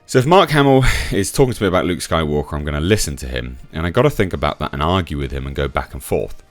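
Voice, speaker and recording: A man's voice: animated, fast, faint music behind. A man giving casual, sarcastic commentary, reading out quotes and reacting to them with sudden emphatic jumps in his voice. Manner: sarcastic, chatty, swings from low mutter to sudden high emphasis. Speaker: YouTube commentator.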